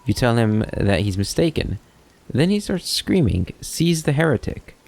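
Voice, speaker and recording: A man's voice: lowish voice, big pitch swings, moderate pace, vocal fry, a little mellow. A man voicing a sly, talkative male kobold schemer with a wry, rambling, mock-innocent manner.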